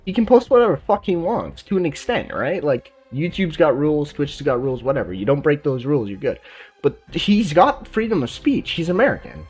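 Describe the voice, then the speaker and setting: A man's voice: a little high, very animated, a little fast, darkish tone, husky, faint music behind. A man from Canada giving blunt, swear-heavy reaction commentary, ranting casually. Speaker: reaction streamer.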